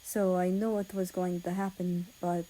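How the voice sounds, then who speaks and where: A woman reading the part of a grieving young male nurse, speaking softly and haltingly. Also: on the low side, little pitch movement, natural voice, low-quality recording. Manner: soft, hushed, halting.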